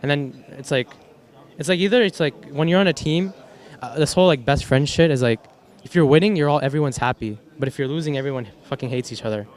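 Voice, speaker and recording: A young professional esports player with a slightly high voice talks fast as he answers post-match questions. His answers ramble, restart often, and include casual swearing.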